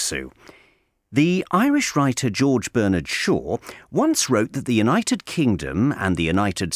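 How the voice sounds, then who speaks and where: A man's voice: mid-range voice, no echo. Wry man reading a scripted letter. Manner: measured, wry, dry humor. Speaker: correspondent reading a regular letter. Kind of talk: scripted narration for English learners.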